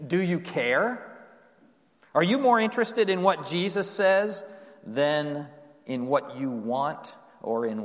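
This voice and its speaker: A fairly high-voiced man delivering a sermon in a church, his words carrying a long hall reverb. He preaches earnestly, lifting his questions and letting his endings trail off softly. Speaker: pastor.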